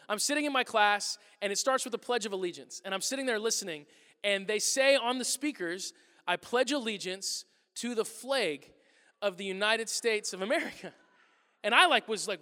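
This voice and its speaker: A pastor preaching a sermon, telling stories with lively acted-out exchanges and loud bursts. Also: male voice, sits high, normal speed. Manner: animated storytelling, acting out exchanges with loud bursts. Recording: long reverb of a large hall.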